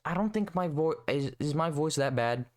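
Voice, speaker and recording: A young adult man hosts a solo podcast, launching into a rambling, sarcastic and casual rant full of swearing. His voice is fairly high and animated, moving at a moderate pace.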